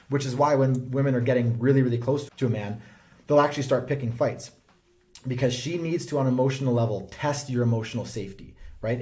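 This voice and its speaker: An earnest male relationship coach talking straight to camera, pressing his points with steady conviction. His voice is mellow and dark in tone, set at an ordinary mid pitch. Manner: earnest, emphatic, persuasive. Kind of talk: direct-to-camera advice talk.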